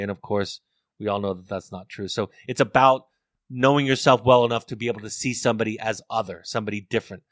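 A man's voice: mid-range voice, no room sound. Middle-aged male therapist, earnest and reflective, dry close recording. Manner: earnest, storytelling, repeats words as he thinks. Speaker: therapist and author. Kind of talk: reflective interview talk.

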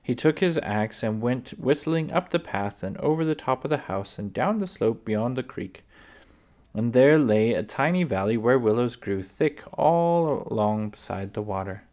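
A man's voice: medium pitch, lively intonation, a little mellow. Man reading a children's book aloud. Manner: unhurried with small slips and restarts. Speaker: reader.

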